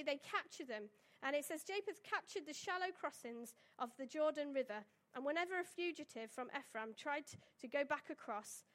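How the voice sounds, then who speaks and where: High-voiced chatty woman preaching. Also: fairly bright tone. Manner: chatty, storytelling, with tag questions and fillers. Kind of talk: casual sermon.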